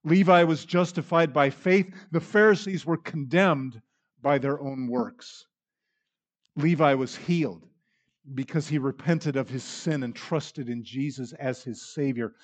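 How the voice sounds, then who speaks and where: Guy preaching a sermon, pretty dramatic, acts out the quotes, voice a bit on the high side. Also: a little slow, lo-fi sound.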